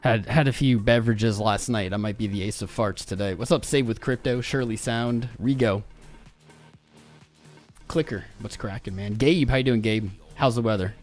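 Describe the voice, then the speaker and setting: A man's voice: fairly low pitch, normal speed, faint music behind. A male livestream host in casual chat, bantering and greeting viewers one by one by name. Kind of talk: casual live-stream chat.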